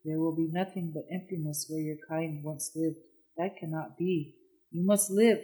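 A wise old-world male eagle in a storybook, calm and kind, offering comfort in measured words, as the narrator voices him. His voice lifts a little above the telling, lively but unhurried. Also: mid-range voice, natural voice, poor audio. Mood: gentle. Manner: calm, gentle and reassuring.

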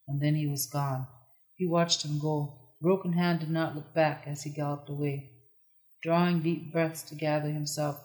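A narrator reading a historical novel aloud in a measured, even delivery. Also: mid-range voice, poor audio. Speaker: audiobook narrator.

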